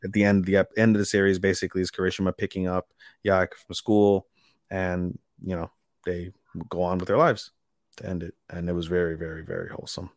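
A man co-hosting a casual anime podcast, retelling scenes with animated quoted lines. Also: low voice, brisk, dry recording, studio quality. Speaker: podcast co-host.

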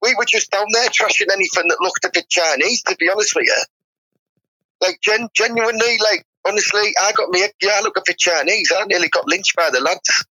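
Man, Teesside accent, husky, bright and sharp, blunt slangy banter, dry close sound. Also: sits high, brisk, dry recording, rough recording. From Teesside, England. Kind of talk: comic banter, improvised sketch.

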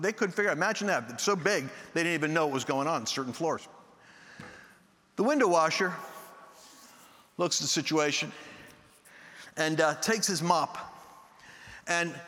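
Preaching with a fairly high pitch, this man animates a story and performs the voices of the people in it, and the sound carries a big-room quality.

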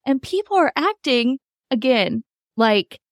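A woman's voice: high-pitched, big pitch swings, slow, no room sound, studio quality. A woman hosting a podcast, chatting casually through a reality-show recap, swearing freely and acting out quotes. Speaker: podcast host.

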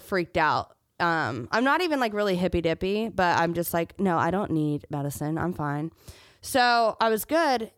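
A woman's voice: lowish voice, smooth, no room sound, clean studio sound. A young woman sharing a personal story on her podcast, candid and emotional, near tears at times, with joking asides. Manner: joking asides between serious parts. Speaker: podcast host.

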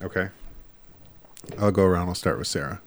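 A man's voice: deep voice, fairly quick. A man co-hosting a casual beer-tasting chat, laid-back and wry, laughing often. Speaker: podcast co-host.

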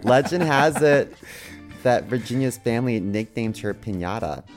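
A man's voice: mid-range voice, expressive, normal speed, faint music behind. A man co-hosting a comedy podcast, reading a silly story aloud in a playful way. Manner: playful, giggly. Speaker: podcast co-host.

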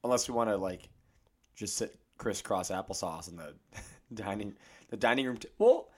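A man's voice: on the low side, moderate pace, breathy edge. A young man co-hosting a podcast in casual chat, teasing and laid-back, talking into a handheld mic. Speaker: podcast co-host. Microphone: handheld microphone.

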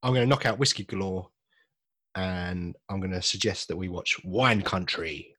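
A man's voice: sits low, moderate pace, pushed and bright, dry recording. A man co-hosting a podcast in casual chat, joking, reading film synopses aloud and swearing now and then. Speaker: podcast co-host.

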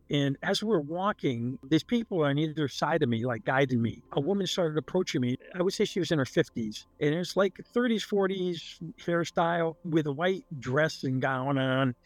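A man's voice: a little high, no room sound. Plain-spoken older man telling a story. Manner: plain-spoken, rambling, acts out the dialogue he quotes. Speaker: guest recounting a near-death experience. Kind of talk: casual storytelling.

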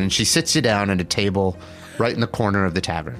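A man narrating a tabletop game as game master, playful and animated. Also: fairly low pitch, fast, soft background music.

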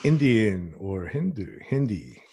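An interviewer keeps the chat casual with short, easygoing questions. The voice is husky and rises and falls a lot in pitch. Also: sing-song, takes it slowly, warm tone.

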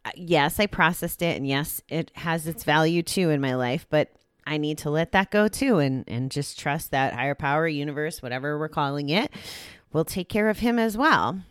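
A woman's voice: sits low, expressive, moderate pace, smooth, no echo, clean studio sound. A young woman reading a daily recovery passage, then thinking aloud in a candid, rambling way with lots of "like" and restarts. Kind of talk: reading aloud then casual reflective talk.

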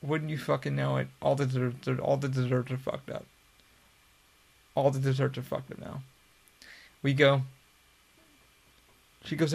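A man's voice: mid-range voice, little pitch movement, normal speed, creaky, pauses often, darkish tone. A young man hosting a podcast, telling a long story in a casual, profane, rambling way. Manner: profane, rambling, laid-back. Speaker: podcast host.

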